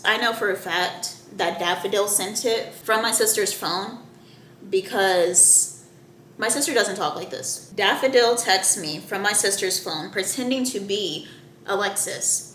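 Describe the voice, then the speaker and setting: A woman's voice: medium pitch, a bit bright, reverberant, slight background noise. A young woman telling a personal story to her viewers in a casual, heated, profane way. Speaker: storyteller vlogger.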